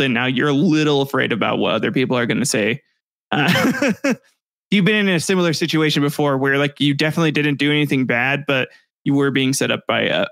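A man's voice: mid-range voice, gravelly, fairly bright tone, no room sound. Young male game master, loose and rambly, dry close sound. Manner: casual, halting, laughs at his own descriptions. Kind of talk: narrating a tabletop game.

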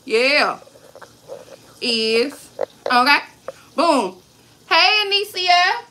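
High, bright-voiced woman on a cooking livestream. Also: very animated, extremely slow, slight background noise. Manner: chatty, talks straight to viewers; playful, swears and jokes. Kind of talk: casual livestream cooking demo.

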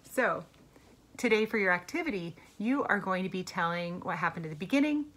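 A woman teacher reading a picture book aloud to children, slow, clear and patient. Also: fairly low pitch, lively intonation, a bit bright, slight background noise.

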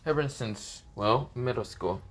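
A man's voice: medium pitch, unhurried, close to an everyday voice. A man doing a sly, grinning old rival.

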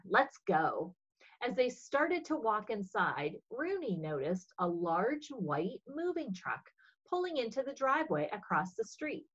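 Woman storyteller for kids' faith class, expressive, breathy, slightly dull sound. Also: on the high side. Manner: expressive, animated reading. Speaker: religious education storyteller. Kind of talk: reading a children's story aloud.

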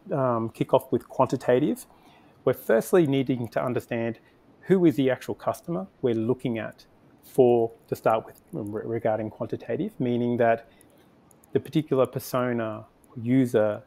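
Male podcast guest, mellow warm tone, unscripted, plenty of restarts and fillers. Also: medium pitch. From Australia. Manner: thinks aloud with frequent restarts and fillers. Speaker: podcast guest, conversion optimization agency founder. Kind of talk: conversational interview answers.

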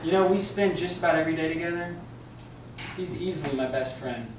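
A comedian praising a friend with mock sincerity in a testimonial-style sketch. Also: male voice, on the high side, fairly quick, reverberant, far from the mic, very noisy.

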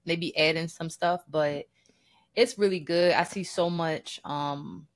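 A man co-hosts a podcast in casual conversation. He talks in an animated, chatty way with slangy phrasing. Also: on the high side, slow. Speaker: podcast co-host.

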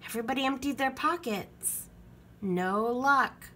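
Lively, breathy woman reading a storybook. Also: medium pitch, measured pace. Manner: expressive storytelling. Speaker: children's book reader. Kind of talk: reading a picture book aloud.

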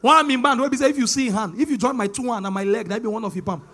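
A young Nigerian man doing animated stand-up comedy, mixing in pidgin and shouting his punchlines. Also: extremely high pitch, rapid-fire.

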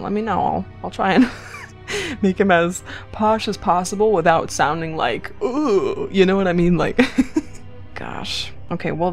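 Chatty young woman with a gravelly edge. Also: fairly low pitch. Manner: chatty and playful, talks to viewers directly. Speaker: let's play gamer. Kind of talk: casual gameplay commentary.

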